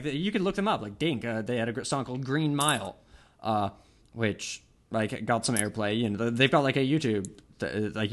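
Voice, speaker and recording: A man with a mid-range, slightly bright voice co-hosts a casual podcast. He tells a rambling story, interrupting himself with lots of uhs, restarts, and laughs.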